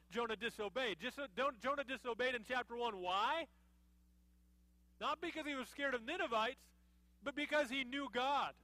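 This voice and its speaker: A man's voice: high voice, bright, forceful tone, dry recording, poor audio. A man preaching a sermon in a conversational way, asking the congregation rhetorical questions. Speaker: pastor.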